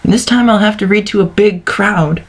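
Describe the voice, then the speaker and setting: Fluttershy, man doing a meek high pony girl. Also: moderate pace. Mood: shy. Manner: meek, stammering, pleading. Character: timid soft-spoken young female pony.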